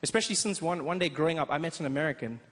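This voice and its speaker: A young South African man doing stand-up, telling stories in an animated way and slipping into voices. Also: fairly high pitch, racing. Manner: animated storytelling, jumps into voices. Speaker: stand-up comedian. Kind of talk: stand-up comedy. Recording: reverberant hall with background noise.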